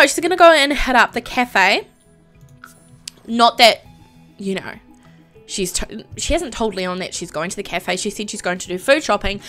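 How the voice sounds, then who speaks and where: A young woman streams a life-sim game live, narrating her characters' drama in a chatty, emotional way and filling pauses with "um". Her voice is bright and forward and sits a touch high. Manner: chatty, emotional, lots of filler ums. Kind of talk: live let's play commentary.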